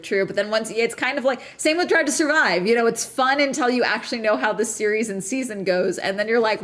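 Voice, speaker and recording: A woman's voice: a little high, a little fast, hardly any pauses, a bit bright. A woman hosting a casual chat show, rambling between topics and ranting with plenty of swearing. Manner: chatty, profane, ranting. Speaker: streamer host.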